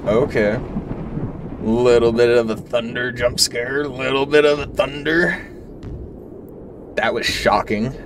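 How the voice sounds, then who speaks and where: A man's voice: mid-range voice, steady tone, takes it slowly, pauses often, background noise. A young man casually commenting and joking as he plays a short horror game. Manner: joking, casual, reacts aloud. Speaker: gaming video creator. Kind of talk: let's play commentary.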